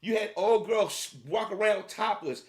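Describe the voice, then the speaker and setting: A man's voice: high voice, moderate pace. Man ranting in a heated tone. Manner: heated, repetitive, addressing the audience directly. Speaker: commentator. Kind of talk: opinion rant to camera.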